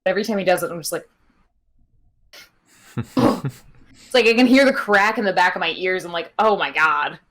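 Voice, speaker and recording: A woman's voice: mid-range voice, normal speed, long pauses, a bit bright. A young woman co-hosting a podcast, chatting casually about a wrestling match with many fillers and laughs. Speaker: podcast co-host. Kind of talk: casual wrestling recap chat.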